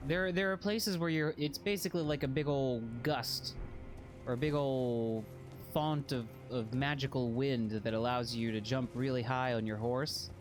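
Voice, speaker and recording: A man casually chatting while streaming a video game, rambling and joking at his own expense. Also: medium pitch. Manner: rambling, self-deprecating, jokey. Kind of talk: casual gameplay chat.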